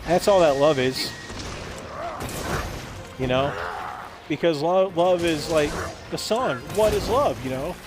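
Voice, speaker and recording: A man hosting a gaming video, telling a rambling, absurd story in a deadpan way and acting out quoted lines in voices. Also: a little high, slow, long pauses, music in the background. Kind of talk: rambling comedic monologue while gaming.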